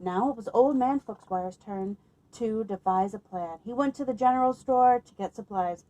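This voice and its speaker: A woman librarian reading a picture book aloud at children's story time, expressive and lively, pausing to ask her listeners questions. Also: fairly high pitch, dull audio.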